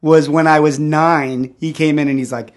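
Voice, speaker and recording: Man, podcast host, laughing, animated anecdotes. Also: a little high, moderate pace. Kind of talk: casual chat.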